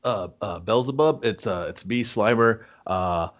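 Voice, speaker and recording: A man's voice: lowish voice, unhurried, natural voice. A man voicing a sad, dim green ghost begging to get out of hell, rambling and hesitant with lots of "uh.". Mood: pleading. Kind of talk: comedic podcast bit.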